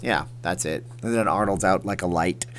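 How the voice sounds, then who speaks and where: A livestream host from Las Vegas runs a casual late-night stream, answering chat questions in a rambling, jokey way. His voice sits low and a bit bright, at a moderate pace.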